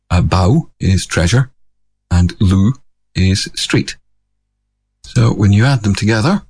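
A man with a slightly husky voice giving a measured, casual explanation, correcting himself now and then with a dry, wry touch. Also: deep voice, a little mellow. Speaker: language explainer.

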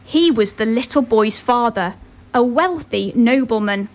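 A woman's voice: a little high, moderate pace. A woman giving an earnest motivational talk and telling a story, with chatty asides.

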